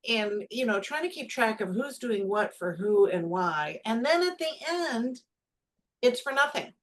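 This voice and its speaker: A woman's voice: fairly high pitch, expressive, a little slow. A woman rambling through a wry, exasperated account in a casual fan chat. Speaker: panelist.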